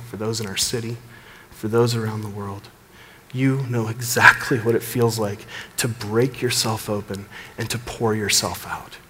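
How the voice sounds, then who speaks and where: A man preaching a sermon as pastor, earnest, building emphasis and dropping low at the ends of phrases. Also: bright, forceful tone, big-room sound, a little hiss or hum.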